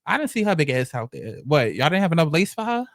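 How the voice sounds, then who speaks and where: Brief: young man, New York accent, sassy profane recap host, slightly high voice, dry close sound. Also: quick pace, no room sound. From the Bronx, New York. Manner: sassy, animated, profane storytelling with mock quotes. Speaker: commentary host. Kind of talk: reality show recap commentary.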